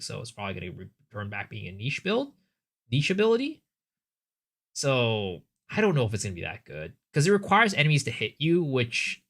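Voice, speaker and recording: A man with a medium-pitched, fairly bright voice is streaming live. He chats casually and thinks out loud while answering viewer questions, restarting often.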